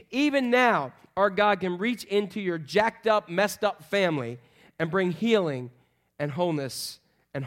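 A high-pitched man preaches to a church congregation. He swings between ringing calls and quiet, hushed lines. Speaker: pastor. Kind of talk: sermon. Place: church sanctuary, also streamed online.

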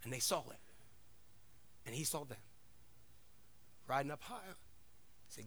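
A middle-aged man preaching a sermon, telling stories in an animated, casual way. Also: medium pitch, a little slow, breathy edge. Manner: animated storytelling, casual asides. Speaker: pastor.

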